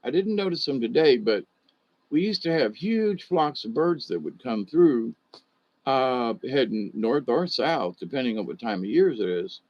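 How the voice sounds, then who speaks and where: A man's voice: mid-range voice, lively intonation, measured pace, lo-fi sound. A man, telling folksy stories and rambling with chuckles. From Georgia, US. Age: 60s. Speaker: monologue host.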